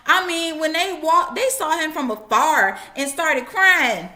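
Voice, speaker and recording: A woman's voice: high-pitched, lively intonation, a little slow, few pauses, sharp tone. A woman giving a casual Bible lesson, retelling the story in everyday slang and acting out voices. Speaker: Bible teacher.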